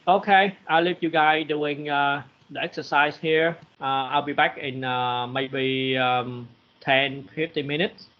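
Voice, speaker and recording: A man teaching a programming class over a video call, talking haltingly with many fillers. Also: a little high, steady tone. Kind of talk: online programming class lecture. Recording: muffled lo-fi video call audio.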